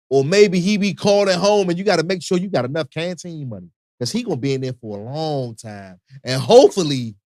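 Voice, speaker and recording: High, lively-voiced radio host. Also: male voice, no echo, clean studio sound. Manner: animated, preachy, conversational with slang. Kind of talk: casual radio talk.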